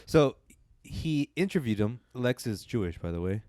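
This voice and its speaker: A man's voice: mid-range voice, sing-song, moderate pace, mellow, clean tone, no echo, clean studio sound. A man co-hosting a podcast, chatting casually and rambling through a long retelling with frequent restarts. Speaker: podcast co-host. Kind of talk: casual chat.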